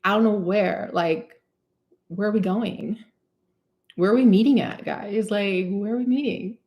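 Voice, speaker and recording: A woman's voice: medium pitch, unhurried. Chatty woman hosting a livestream. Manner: chatty and warm with viewers, repeats phrases, laughs often. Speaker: cosmetic chemist hosting a live Q&A. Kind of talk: casual livestream chat reading comments.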